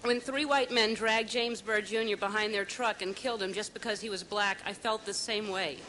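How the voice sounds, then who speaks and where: A tearful woman giving an emotional speech at an outdoor vigil, halting and stammering through false starts at a podium microphone. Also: medium pitch, fairly even intonation, pushed and bright, a little hiss or hum, poor audio. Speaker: speaker at a public vigil. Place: outdoors on building steps at a vigil.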